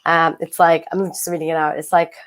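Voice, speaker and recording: A woman's voice: low-pitched, level tone, fairly quick. A woman co-hosting a casual podcast, rambling through thoughts with fillers and restarts. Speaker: podcast co-host. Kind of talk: casual spiritual chat.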